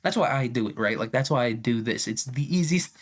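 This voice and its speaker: A man's voice: mid-range voice, lively intonation, brisk. Profane, chuckling man ranting casually. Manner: profane, chuckling, rambling asides. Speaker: vlogger. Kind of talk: casual rambling commentary.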